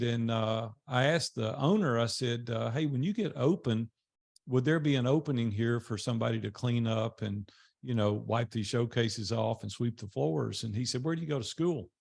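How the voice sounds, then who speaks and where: A man's voice: medium pitch, gravelly. Folksy Southern older man. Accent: Southern US, Tennessee. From Nashville, Tennessee. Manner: folksy storytelling with fillers. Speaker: guest speaker. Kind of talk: motivational talk.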